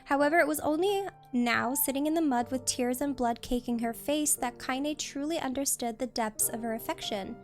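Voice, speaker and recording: High-pitched female streamer, steady read-aloud narration, soft music behind. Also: normal speed, few pauses. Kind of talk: reading a novel aloud on stream.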